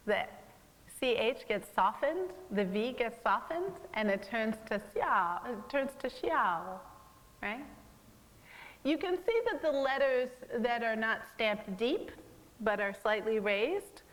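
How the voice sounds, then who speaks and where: A woman's voice: on the high side, a bit bright. Woman giving a talk in a reverberant gallery. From American. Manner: conversational, explanatory, with many fillers. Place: museum gallery.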